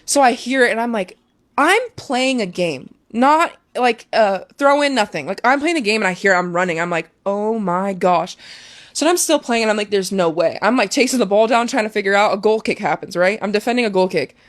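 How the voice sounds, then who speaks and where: A woman's voice: a little high, expressive, brisk, no echo, clean studio sound. A young woman talking as a guest, telling an emotional personal story casually with many fillers.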